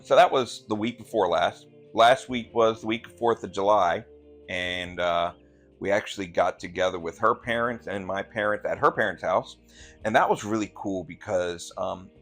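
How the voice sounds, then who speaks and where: A man chatting casually about his week, rambling with many ums and you-knows. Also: low voice. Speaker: gaming channel host. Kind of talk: casual chat. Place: lives in Virginia.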